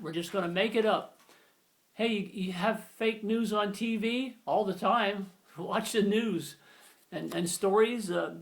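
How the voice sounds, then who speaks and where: A man in his sixties giving a casual, rambling video lesson on grammar, self-deprecating and full of fillers and restarts. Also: high voice. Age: 60s. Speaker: video lecturer.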